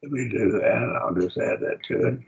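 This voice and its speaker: A man's voice: lowish voice, normal speed, gravelly, husky, dull audio. A man with an Oklahoma accent teaching a Bible class in a classroom, talking casually and quizzing his students.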